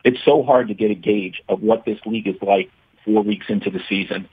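A man's voice: lowish voice, fairly even intonation, a little fast, slightly rough, no room sound, narrow, tinny audio. A man calling in as the show's regular guest analyst, talking emphatically and stumbling over repeated words as he starts his points. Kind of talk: phone-in sports analysis.

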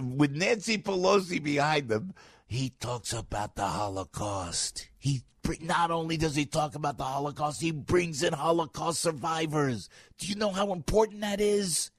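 A man hosting a talk radio show, delivering an opinionated monologue with lively swings and mocking asides. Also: on the high side, dry recording, studio quality. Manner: animated, mocking voices, loud outbursts.

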